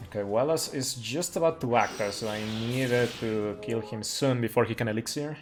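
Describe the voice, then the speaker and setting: A man in the middle of his own pitch range talks through a speedrun as he plays. He rambles casually with plenty of fillers and small laughs. Faint game music sits low under his voice. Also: normal speed. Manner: chatty, laughs often, many fillers. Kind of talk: casual live game commentary.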